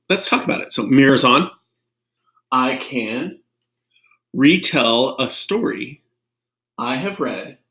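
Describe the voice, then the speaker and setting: A man teaching first graders from his living room, reading a picture book aloud in a lively storytelling manner. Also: mid-range voice, low-quality recording. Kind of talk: read-aloud lesson for kids.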